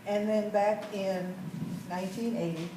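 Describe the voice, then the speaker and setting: A woman's voice: medium pitch, steady tone, measured pace, background noise. A woman, telling a group a folksy story about her life and asking the audience questions. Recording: echoey room, mic far off.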